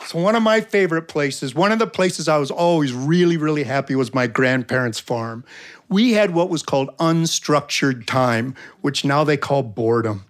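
Folksy male storyteller, higher voice. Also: animated, moderate pace. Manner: folksy, reflective, with comic timing. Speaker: storyteller and guest. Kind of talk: storytelling for an audience.

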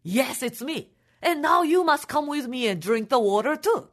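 A woman doing an excited old woodcutter made young. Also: high-pitched, moderate pace. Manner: excited, pleading.

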